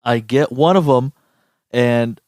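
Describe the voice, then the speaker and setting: A young man co-hosting a podcast in casual chat, swearing often and telling stories with animated impressions. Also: mid-range voice, slow pace, no echo, clean studio sound. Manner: profane, animated storyteller. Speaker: podcast co-host.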